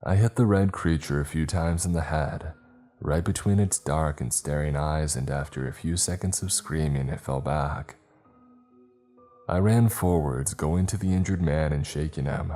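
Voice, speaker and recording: A man narrating a first-person horror story in a steady, grave manner. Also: very deep voice, moderate pace, soft background music.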